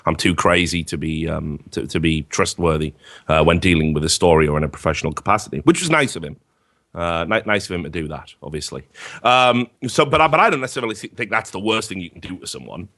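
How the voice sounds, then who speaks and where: Man telling animated, profane stories. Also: deep voice, fast. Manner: sarcastic asides. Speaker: podcast guest. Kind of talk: casual podcast chat.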